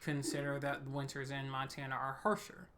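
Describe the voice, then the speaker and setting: A woman's voice: extremely low pitch, fairly even intonation, normal speed, a bit bright. A woman hosting a reaction video, chatting casually and giving opinionated asides.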